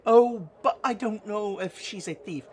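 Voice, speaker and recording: A man's voice: high-pitched, unhurried, a little mellow, husky, voice pushed up. A man voicing a timid, sweet little woman who talks in a meek, pleading, apologetic way. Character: timid sweet tiny woman, gentle and anxious.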